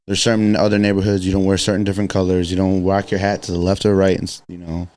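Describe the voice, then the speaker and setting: A man's voice: deep voice, flat delivery, fast, darkish tone. A man from the south side of Chicago, a podcast guest chatting casually in laid-back street slang. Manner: laid-back street slang, lots of "you know what I'm saying". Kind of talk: casual chat.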